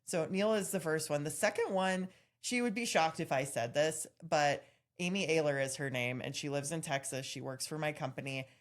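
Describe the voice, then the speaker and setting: A woman with a notably low, deep speaking voice chats casually as a podcast co-host. She tells candid stories in an animated way, with bursts of laughter. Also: moderate pace. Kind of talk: casual chat.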